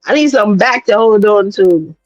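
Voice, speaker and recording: A woman from New York City hosting a livestream, talking in a blunt, profane and animated way as she gives her commentary. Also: medium pitch, brisk, no room sound, dull audio, soft background music. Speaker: streamer host.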